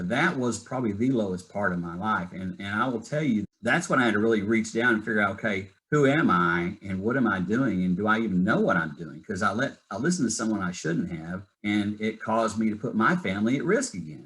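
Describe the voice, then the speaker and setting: A man's voice: fairly low pitch, a bit bright, low-quality recording. A middle-aged man, a real estate investor, telling his story in an interview with earnest, candid energy.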